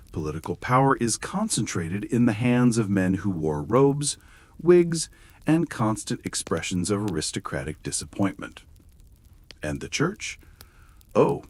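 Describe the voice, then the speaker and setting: A man reading a scripted bedtime history story with wry, gently sarcastic humor. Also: on the low side, no echo. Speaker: narrator.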